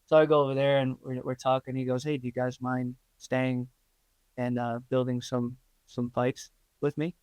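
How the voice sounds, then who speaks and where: A man chatting as an interview guest, his voice sitting at an ordinary middle pitch. He talks loosely with plenty of fillers and slips into little voices when he quotes people. The sound is close and dry, with almost no room echo. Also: normal speed, clear, resonant tone. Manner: animated, laughing, acts out quoted voices; many fillers like um and like. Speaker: interview guest, stunt performer and actor. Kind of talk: casual storytelling.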